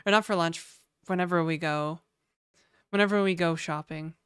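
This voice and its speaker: Rambling woman streamer reading chat; smooth voice, dry close mic. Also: on the low side, a little slow, no room sound. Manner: rambling, chatty, reads chat aloud. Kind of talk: casual live-stream chat.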